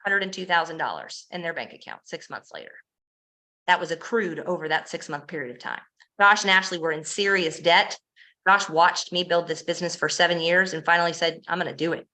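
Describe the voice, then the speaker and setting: A woman giving an energetic sales presentation, telling success stories, asking the audience rhetorical questions and acting out quoted dialogue. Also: on the low side, brisk, poor audio. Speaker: presenter pitching a home business.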